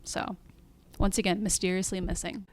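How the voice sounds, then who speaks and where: A woman's voice: mid-range voice, normal speed, no room sound. Chatty woman recapping a TV episode. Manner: animated, acts out quoted lines, laughs often. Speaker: podcast co-host. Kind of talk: casual TV recap chat.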